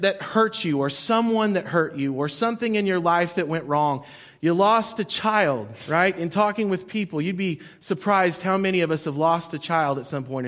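A man's voice: high voice, fairly bright tone. A male pastor preaching a sermon in a conversational storytelling way, repeating his key points.

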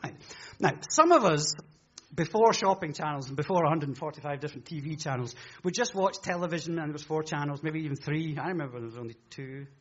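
A man gives a jokey, chatty sermon to his church congregation. His voice sits high and husky, swooping animatedly as he teases the room. The recording is a little dull and lo-fi. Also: animated, fast, a bit bright. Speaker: preacher. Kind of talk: humorous sermon talk.

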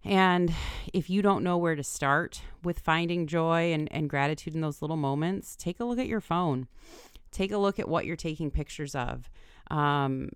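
A woman's voice: very deep voice, smooth, no echo, studio quality. A woman hosting a motivational podcast, speaking earnestly and encouragingly straight to her listeners. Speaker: podcast host.

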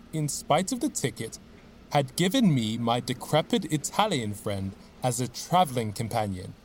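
A man narrating a classic story as an audiobook, with steady, expressive storytelling. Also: on the high side, a little hiss or hum.

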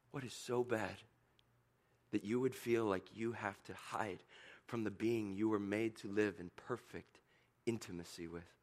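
A man preaching a sermon as pastor, moving from hushed, intimate questions to loud, soaring climaxes. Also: fairly low pitch. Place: church service.

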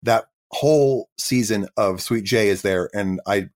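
A man in his fifties with a fairly low voice tells stories from his acting career as an interview guest. He is chatty and self-deprecating, often slipping into quick voices as he quotes people. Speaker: guest actor. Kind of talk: casual interview storytelling.

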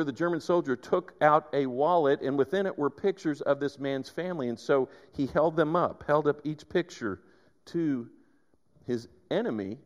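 A man preaching a sermon, telling stories with animated emphasis and frequent restarts. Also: medium pitch, big-room sound. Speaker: pastor.

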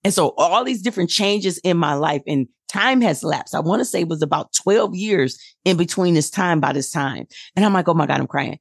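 A woman in her forties telling a personal story in a casual chat, acting out quoted dialogue with lively energy. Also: lowish voice, moderate pace, few pauses, husky, no echo, clean studio sound.

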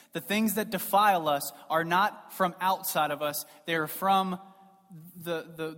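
A man preaching a sermon in a church, emphatic and rhetorical, swinging between loud stresses and soft asides. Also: a little high. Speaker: pastor. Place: church sanctuary. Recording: long reverb of a large hall.

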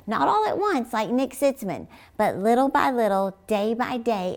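A middle-aged woman preaching a sermon in an emphatic manner, often rising to high exclamations.

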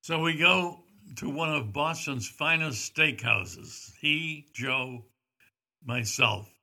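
Slow, bright-voiced older man spinning a yarn. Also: fairly high pitch, vocal fry. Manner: rambling, halting with frequent "uh" fillers. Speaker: storyteller recalling a celebrity visit. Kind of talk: casual anecdote.

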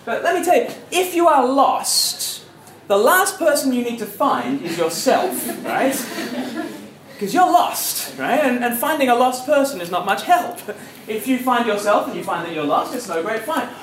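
Very high-voiced and very animated, this Australian man speaks at a moderate pace with a somewhat bright tone. As a campus preacher, he jokes, chats and questions his audience during an evangelistic talk in a university lecture hall that echoes faintly with noise.

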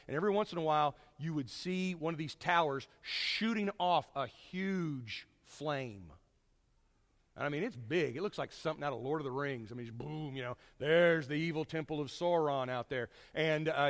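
A man preaching a sermon to his congregation, folksy and storytelling, swinging from loud to hushed. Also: fairly high pitch, long reverb tail.

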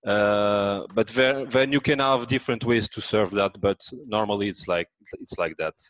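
Male guest, French accent, deep voice, hesitant delivery with lots of restarts. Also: fairly bright tone, dry recording, rough recording. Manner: hesitant, many pauses and restarts. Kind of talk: casual chat.

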